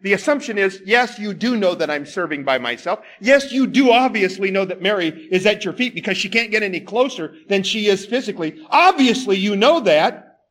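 A man's voice: fast, hardly any pauses. A man preaching a sermon, quoting an exasperated, demanding woman in a raised, indignant voice. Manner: higher and louder, indignant.

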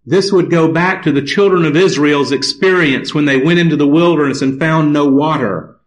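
A man preaching a sermon, reading scripture aloud and explaining it in a slow, deliberate manner. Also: fairly high pitch, rough recording.

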